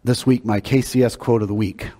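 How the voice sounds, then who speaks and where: A man's voice: medium pitch, steady tone, brisk, warm tone. Emphatic male preacher in a reverberant hall. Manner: conversational, emphatic, repeats words when building a point. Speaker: pastor. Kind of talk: sermon.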